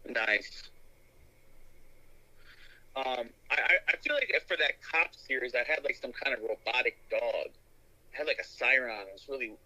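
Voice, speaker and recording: A man hosting a casual podcast chat, with a sharply bright, cutting tone at a middle pitch. He talks enthusiastically and wanders through his thoughts with frequent restarts. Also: expressive, normal speed, long pauses, poor audio. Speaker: podcast host.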